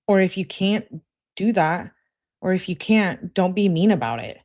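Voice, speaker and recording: A woman's voice: on the low side, expressive, measured pace, darkish tone, dry recording, studio quality. A woman giving casual true crime commentary in a blunt, sarcastic way, reading out text messages.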